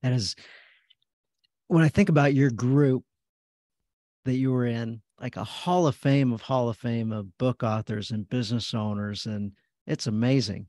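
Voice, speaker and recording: A man's voice: medium pitch, a little slow, a little mellow, no room sound, studio quality. A man hosting a podcast who chimes in with enthusiastic, admiring remarks during a casual interview. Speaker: podcast host.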